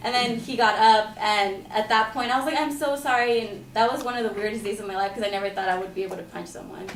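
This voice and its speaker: A woman's voice: medium pitch, steady tone, fast talker, slight background noise. A woman casually telling a personal anecdote, chatty and full of "like" and "you know". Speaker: storyteller. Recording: roomy echo, mic at a distance.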